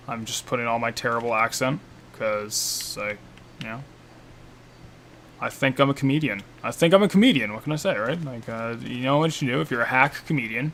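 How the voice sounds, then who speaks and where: A man's voice: medium pitch, pushed and bright, a little hiss or hum. A man, a game critic, giving casual commentary while playing, chatty and joking as he thinks aloud. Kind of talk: casual let's-play commentary. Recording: faint game music behind.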